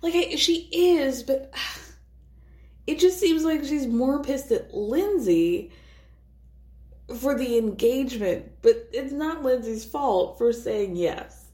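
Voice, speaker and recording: A woman's voice: high-pitched, lively intonation, takes it slowly, mellow. A woman hosting a podcast, recapping a reality show in a chatty, sarcastic way and swearing freely. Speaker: podcast host. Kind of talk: casual recap commentary. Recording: roomy echo.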